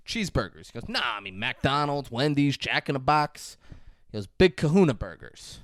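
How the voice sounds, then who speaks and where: A man's voice: mid-range voice, sing-song, brisk, a bit bright, no echo, clean studio sound. A man co-hosting a casual movie review podcast, teasing his co-host and jumping in to act out lines from the scene.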